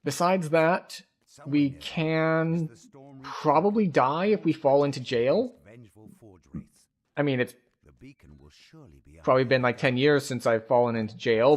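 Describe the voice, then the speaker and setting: A man's voice: a little high, takes it slowly, long pauses. Man casually commenting on his gameplay. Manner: thinks aloud, explains game mechanics at an easy pace. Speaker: game streamer.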